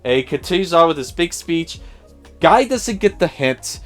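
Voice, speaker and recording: A man's voice: a little high, animated, normal speed, a bit bright, faint music behind. A man giving a casual spoiler review of a film, sarcastic and profane, often mimicking the characters in a raised voice.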